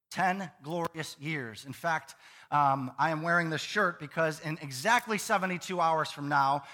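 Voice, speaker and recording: A male pastor with a high, bright, forceful voice, preaching in a lively, conversational way with playful asides. His voice carries a long reverb through the church sanctuary. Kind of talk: sermon.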